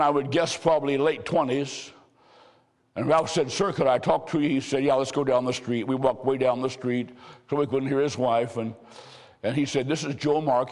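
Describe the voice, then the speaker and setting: Man, preacher, fairly high voice, big reverberant hall, revival sermon delivery. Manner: preaching, swings between shouting and hushed slow emphasis.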